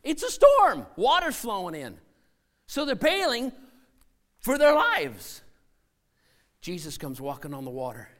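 A man preaching a sermon as a missionary, acting out scenes and voices and swinging from shouting to hushed tones. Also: extremely high pitch, huge pitch swings, unhurried, long pauses.

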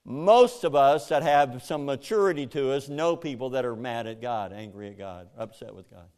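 A man preaching a sermon to a congregation, animated, jumping into loud, high acted-out voices. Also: normal speed, clean tone. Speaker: pastor.

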